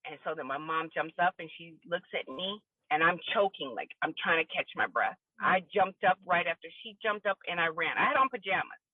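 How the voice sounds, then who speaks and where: A woman's voice: lowish voice, animated, normal speed, hardly any pauses, no room sound. Woman telling her story on a tinny phone line. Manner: candid, emotional storytelling. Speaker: guest. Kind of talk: personal testimony in a podcast interview.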